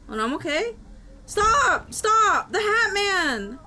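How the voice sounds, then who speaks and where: Woman streamer, squeaky high voice bouncing all over, goofy fake panic screams while gaming w friends. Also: big pitch swings, slow pace, sharp tone. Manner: dramatic, playful, shrieks and wails in mock panic. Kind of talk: live-streamed gameplay with friends.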